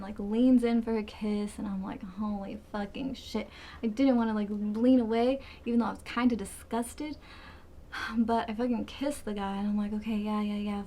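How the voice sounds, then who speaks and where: A woman's voice: mid-range voice, darkish tone, slight background noise. A woman in her twenties telling a rambling, profane story in a dramatic, casual storytime way. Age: 20s. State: sweating, hot. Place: hot room.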